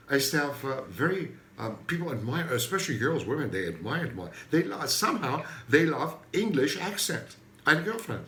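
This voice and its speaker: Comic man, rambling self-mocking monologue, very animated pitch, roomy echo at home. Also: slight background noise. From Turkey. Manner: digressive, self-mocking, jokey asides. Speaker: comedy host.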